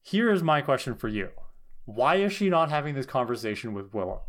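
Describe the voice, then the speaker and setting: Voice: mid-range voice, very animated, a little fast. A podcast co-host in a casual TV recap chat, speaking in a wry, teasing, playfully ironic way.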